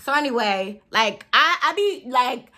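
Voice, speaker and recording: A young woman, telling a story in a casual, profane, animated way while doing her makeup. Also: high voice, unhurried. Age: 20s. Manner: animated, profane, laughs often, acts out her own quotes. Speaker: beauty vlogger.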